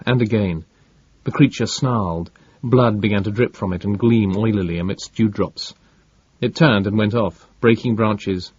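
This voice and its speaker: A male audiobook narrator with a husky, fairly low voice, reading in a measured and dramatic way. The sound is dry, with no room around it, and slightly dull at the top. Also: a little mellow, dry recording.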